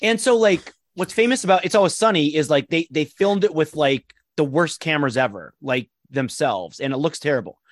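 A man co-hosting a podcast in casual chat, animated and full of filler words. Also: on the high side, a little fast, few pauses, no echo, studio quality. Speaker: podcast co-host.

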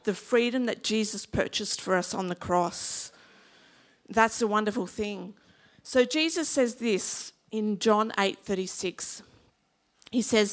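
A woman's voice: mid-range voice, measured pace. A woman in her fifties with an Australian accent, preaching a sermon in a chatty, humorous way and drawing in the congregation. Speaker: pastor.

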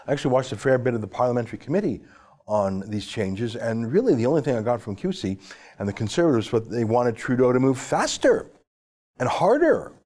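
Lively, emphatic male political commentator. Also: mid-range voice, brisk. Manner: emphatic, sarcastic, reads legal text aloud.

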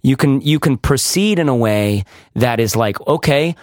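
A man's voice: normal speed, no room sound, clean studio sound. A man co-hosting a casual podcast chat, talking animatedly with frequent restarts. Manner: animated, restarts often, rises in pitch when excited. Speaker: podcast co-host.

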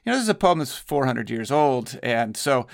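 A man co-hosting a podcast, explaining a poem and slowing down to stress key phrases. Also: mid-range voice, big pitch swings, creaky. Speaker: podcast co-host. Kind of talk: conversational literary discussion.

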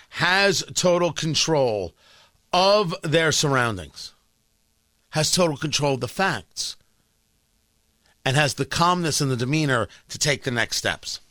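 Animated, sarcastic male talk radio host. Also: mid-range voice, no echo, studio quality. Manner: sarcastic, emphatic, dramatic pauses. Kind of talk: opinionated political commentary.

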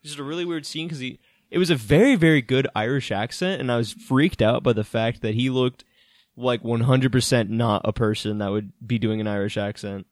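A man talks through a movie scene by scene in loose, animated podcast chat, swearing freely and breaking into laughs. His voice sits at an ordinary pitch and is recorded close and dry, with no room sound around it. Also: a little fast, no echo. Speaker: podcast co-host. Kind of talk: casual movie recap chat.

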